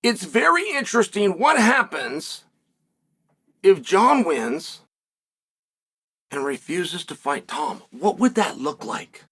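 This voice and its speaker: A high-pitched, lively male host talks straight to his audience. His voice is bright and slightly husky, with emphatic stretches and drawn-out pauses for effect. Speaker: show host. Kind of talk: solo commentary.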